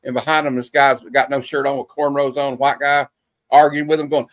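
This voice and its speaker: A man's voice: medium pitch, flat delivery, brisk, no echo. A man in a casual comic club chat on a video call, chatty and acting out lines as he retells a comedy sketch. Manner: chatty, acts out quoted lines.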